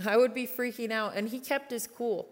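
A woman's voice: on the high side, fairly even intonation, normal speed. A young woman youth pastor giving an earnest, conversational sermon with personal stories. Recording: long reverb of a large hall.

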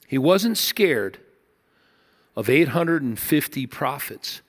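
Male preacher, bright forceful voice, slightly high, storytelling sermon. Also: unhurried. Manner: animated storytelling, voices characters, drops to hushed intensity. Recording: long reverb of a large hall.

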